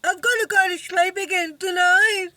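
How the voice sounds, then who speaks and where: A woman talking to camera in a personal vlog, halting and emotional, with many fillers. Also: extremely high pitch, fairly even intonation, sharp tone, no echo. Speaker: vlogger. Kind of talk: personal recovery vlog monologue.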